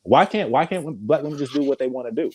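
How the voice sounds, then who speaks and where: A man co-hosting a podcast in casual chat, animated and slangy, with lots of hesitant restarts. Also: mid-range voice, fast talker, breathy edge, no room sound, rough recording. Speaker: podcast co-host.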